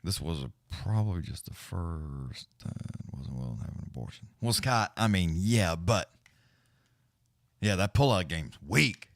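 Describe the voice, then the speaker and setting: A man with a fairly low voice hosts a casual fight-night livestream. He rambles in a laid-back, profane way and then rattles off quick play-by-play. The sound is dry and close. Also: animated, dry recording. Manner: fast play-by-play calling during fights. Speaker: livestream host giving fight commentary. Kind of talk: casual live-stream commentary.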